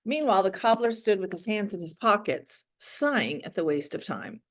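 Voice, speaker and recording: A woman's voice: medium pitch, normal speed. Woman teacher, storybook read-aloud with casual classroom asides. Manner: expressive reading, casual asides.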